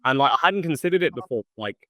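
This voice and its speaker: A man hosts a casual podcast, winding through his questions and circling back on himself as he goes. His voice sits at an everyday middle pitch, recorded close and dry. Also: lively intonation, fast, pushed and bright, dry recording. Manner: rambling, loose questions with restarts. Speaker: podcast host. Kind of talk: casual chat.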